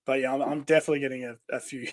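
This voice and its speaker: A man's voice: mid-range voice, steady tone, rapid-fire, dry recording. A man with an Australian accent co-hosting a casual livestream, reading out viewer comments, with many fillers and frequent laughs. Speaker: livestream co-host.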